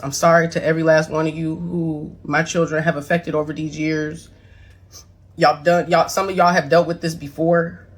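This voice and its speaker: Speaking directly into the camera, a middle-aged woman with a low voice answers her son online, defending herself to his followers. Her words are blunt and profane, and she's emotional, nearly in tears.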